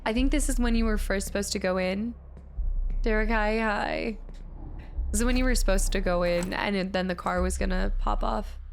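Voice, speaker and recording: A woman's voice: medium pitch, steady tone, normal speed, creaky, slight background noise. A woman streaming a horror game live, chatting with viewers and reading on-screen text aloud as she plays.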